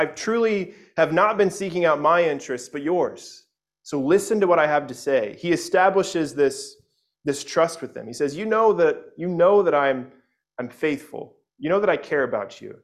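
A male pastor preaching a sermon in a loose, conversational way, often restarting his phrases. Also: a little high.

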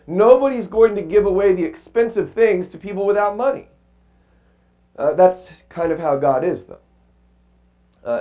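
A male pastor preaching a sermon with a cracking voice, reading scripture slowly and emphatically and asking the congregation questions. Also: sits high, mellow.

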